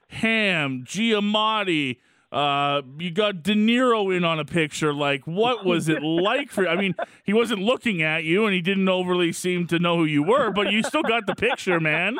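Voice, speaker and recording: Smooth, teasing radio host. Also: male voice, sits high, animated, unhurried, a bit bright, no room sound. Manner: teasing, laughs easily. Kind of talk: casual sports radio chat.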